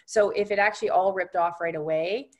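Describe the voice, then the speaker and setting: A woman guiding an energy-healing session, speaking softly and reassuringly, often dropping to a hushed tone. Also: mid-range voice. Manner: unhurried, reassuring coaching. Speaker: energy healer.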